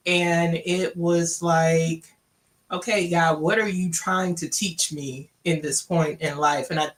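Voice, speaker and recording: A woman's voice: fairly low pitch, fairly bright tone. A woman from Louisiana, candidly telling her personal story and acting out the dialogue she quotes. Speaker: guest sharing her story.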